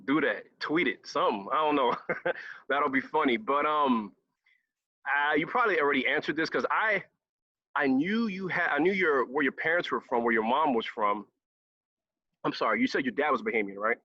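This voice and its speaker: A man's voice: medium pitch, moderate pace, pushed and bright, dry recording. A man hosting a podcast interview, chatting casually with frequent laughs and long, rambling questions. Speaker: podcast host. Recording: dull lo-fi sound.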